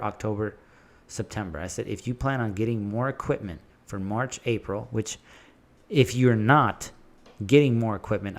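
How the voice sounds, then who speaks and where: A man who runs a landscaping business, giving blunt, animated business advice and stories in a casual vlog. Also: fairly low pitch.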